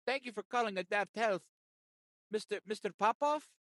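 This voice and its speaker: A man's voice: high-pitched, moderate pace, a bit bright, no room sound, studio quality, pitched above the performer's own voice. A man voicing a female call-center agent who mumbles with her mouth full and is hard to understand. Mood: distracted.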